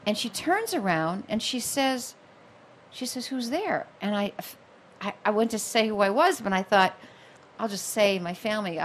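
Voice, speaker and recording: A woman in her fifties, an author telling a personal story in an animated, expressive way, acting out the voices of people she quotes. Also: fairly high pitch, a little hiss or hum. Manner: expressive, acts out quoted voices, many fillers.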